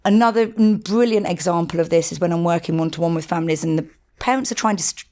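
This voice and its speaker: A woman, a sleep consultant giving calm, practical advice in a casual podcast chat. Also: lowish voice, fast talker. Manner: calm, practical, acts out parents in quotes. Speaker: infant sleep consultant guest.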